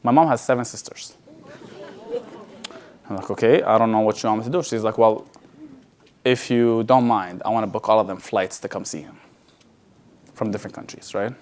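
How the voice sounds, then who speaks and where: A man speaking at a sales event, telling an emotional personal story in a conversational way, often restarting his words and dropping to a soft, quiet voice. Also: lowish voice, moderate pace, long pauses. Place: large event hall.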